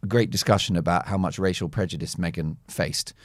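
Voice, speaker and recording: Low-voiced guy, playful and wry, chatting opinions on a show. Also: brisk, no echo, studio quality. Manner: wry, playful, self-mocking. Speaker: guest commentator. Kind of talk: opinionated talk show chat.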